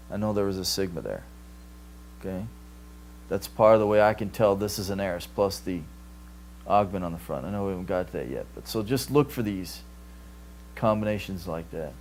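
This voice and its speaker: A man's voice: low-pitched, animated, normal speed, pauses often, slight background noise. A man teaching a Greek grammar class, explaining patiently and checking in with "right?" often. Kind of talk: classroom lecture. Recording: live stream capture.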